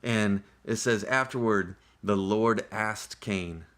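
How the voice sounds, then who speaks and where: A man walks through a scripture passage in a relaxed, unhurried teaching style. His voice sits a little low, and he keeps the talk conversational and earnest, breaking in with short exclamations. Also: clean tone. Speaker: Bible teacher. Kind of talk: casual Bible study teaching.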